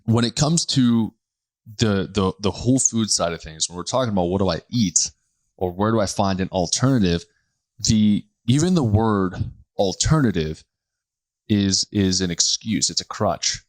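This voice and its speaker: A man in his thirties hosting a casual health podcast, talking bluntly with quick self-corrections and asides. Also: lowish voice, animated, no room sound. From United States. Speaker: podcast host, chiropractor.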